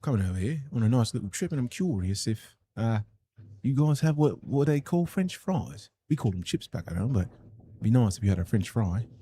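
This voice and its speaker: A man's voice: medium pitch, expressive, fairly quick, dark tone, husky. An American man voicing a polite, chatty British male tourist in a clumsy, exaggerated fake British accent. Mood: prim. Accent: fake British put on by an American.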